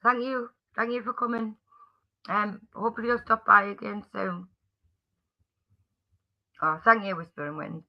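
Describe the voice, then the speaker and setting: A friendly man with a Geordie accent chats on a livestream in a fairly high voice, rambling a little and restarting his sentences as he greets his viewers by name. The sound is a bit dull and muffled. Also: steady tone, a little slow, vocal fry, pauses often. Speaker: livestream host.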